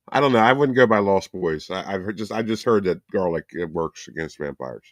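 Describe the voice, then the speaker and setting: A man with a fairly low voice co-hosts a loose, casual podcast chat. He jokes around and laughs often. His voice sounds dry and close, with no room echo. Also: animated, normal speed. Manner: joking, laughs a lot. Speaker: co-host.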